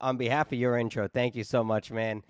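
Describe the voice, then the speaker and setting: A man's voice: mid-range voice, level tone, brisk, smooth, dry recording, clean studio sound. A man hosting a podcast with a New England accent, chatting casually and enthusiastically, swearing freely and calling his guest dude. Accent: New England (Boston). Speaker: podcast host.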